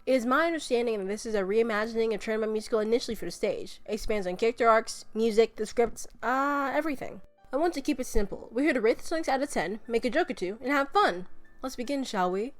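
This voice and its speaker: A young woman hosting a casual review vlog of musical songs, talking in a playful, jokey, excitable way. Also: a little high, fast talker, faint music behind.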